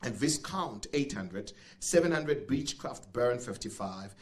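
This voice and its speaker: A man's voice: medium pitch, lively intonation, unhurried. A man hosting a live event as master of ceremonies, playful and chatty with the audience. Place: event venue stage.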